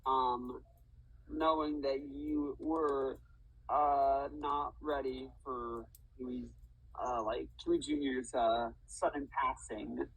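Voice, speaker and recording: A man with a husky, breathy voice questions a witness in a playful mock trial over voice chat. He rambles, trailing off and restarting as he hunts for words. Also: medium pitch, steady tone, slow, a bit bright, rough recording. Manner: rambling, full of fillers and restarts. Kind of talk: casual role-play over voice chat. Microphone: voice chat mic.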